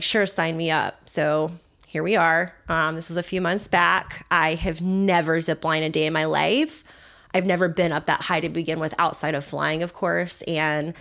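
A young woman hosting a podcast, telling a personal story in a chatty, animated way with lots of fillers and self-mocking asides. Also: on the low side. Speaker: podcast host. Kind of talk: casual storytelling monologue.

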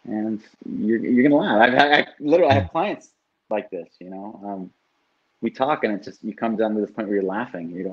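A man's voice: on the low side, lively intonation, fairly quick, slightly rough, muffled recording. A man who works as a life coach, talking casually and animatedly, swearing now and then and often asking "right?". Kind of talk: casual podcast conversation.

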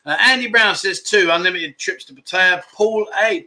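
A man's voice: sits high, moderate pace, pushed and bright. A middle-aged man hosting a casual livestream chat show, reading out viewer comments with jokey, self-mocking banter.

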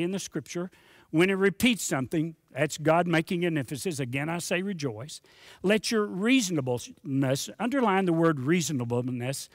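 A man's voice: a little high, no echo, clean studio sound. A middle-aged man preaching a sermon as a pastor, earnest and conversational, repeating words for emphasis.

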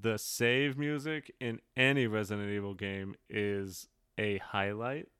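A man co-hosting a podcast in casual chat, talking in a measured, explanatory, easygoing way on a close mic. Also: on the low side, fairly even intonation, a bit bright, smooth, no room sound. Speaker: podcast co-host.

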